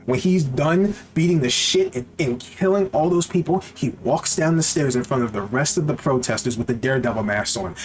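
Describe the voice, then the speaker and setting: Man, gaming commentary, profane, rhetorical questions, lively swooping delivery, slightly high voice. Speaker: gaming YouTuber.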